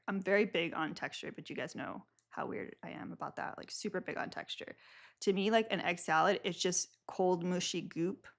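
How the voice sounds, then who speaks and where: A young woman hosting a live stream, chatting casually and rambling with lots of filler words. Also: fairly low pitch.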